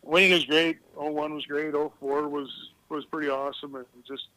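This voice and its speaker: A man's voice: on the high side, level tone, moderate pace, sharp tone, no room sound, rough recording. A middle-aged man who used to play pro hockey, telling loose, rambling stories as a guest on a casual podcast and laughing at his own anecdotes. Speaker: guest, retired hockey player.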